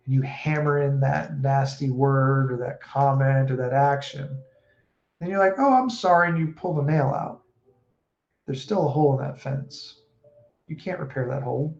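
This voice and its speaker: A man coaching casually on stress and breathing, animated and acting out quoted speech. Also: on the high side. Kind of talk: casual advice talk. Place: home room with a puppy. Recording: echoey room, dull sound, faint noise.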